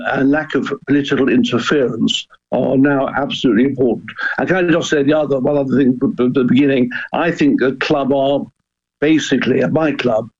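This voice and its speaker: An older man, a former club chairman, appears as a radio interview guest and speaks earnestly but haltingly, often stopping and restarting. His mid-range voice is a little mellow, and the recording's highs are cut off.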